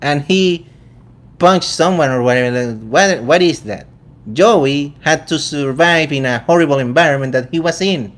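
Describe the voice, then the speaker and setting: A man from Venezuela with a Venezuelan accent, hosting a casual vegan commentary show in a joking, incredulous way. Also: fairly high pitch. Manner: incredulous, joking, quick asides. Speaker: vegan channel host.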